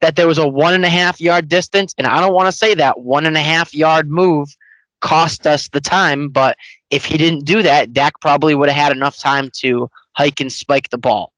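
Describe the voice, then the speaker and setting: A man's voice: a little high, steady tone, normal speed, fairly bright tone, dry recording, poor audio. A man co-hosting a casual podcast, ranting in long, heated run-on complaints and cursing freely. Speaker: podcast co-host. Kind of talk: casual sports rant.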